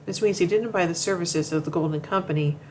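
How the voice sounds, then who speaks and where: Commentary narrator, reads from notes, trips over words and restarts, middling pitch, faint background noise. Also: fast, a little mellow, poor audio. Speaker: show commentator.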